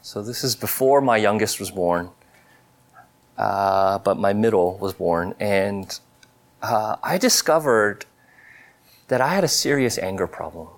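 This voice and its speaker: Man preaching a testimony, lowish voice, halting, earnest, confessional. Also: expressive. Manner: halting, many fillers and restarts. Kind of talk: personal testimony in a sermon.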